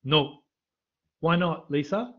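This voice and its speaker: A man's voice: fairly high pitch, slow pace, narrow, tinny audio. A man teaching a live-streamed maths revision lesson, quizzing students in the chat. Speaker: university maths lecturer. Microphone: computer mic on a live stream.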